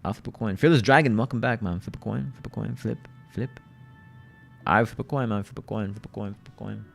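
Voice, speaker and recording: A man's voice: fairly low pitch, brisk, creaky, faint music behind. A man hosting a livestream, chatting casually with viewers in loose slang and often repeating his phrases. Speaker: livestream host.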